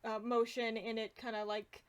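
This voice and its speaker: Woman game master, slightly high voice, casual rambling narration, lots of "like" and "um". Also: level tone, moderate pace, clean tone. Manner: loose, filler-heavy narration.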